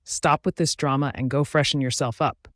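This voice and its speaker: A man voicing a proud young werewolf king who commands and shouts in anger. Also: medium pitch, steady tone, moderate pace, no room sound, studio quality, natural voice. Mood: furious.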